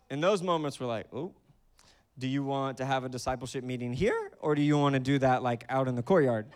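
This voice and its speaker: A man's voice: on the high side, animated, fairly quick, smooth. A man in his thirties preaching a conversational sermon, acting out voices in his stories. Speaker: pastor.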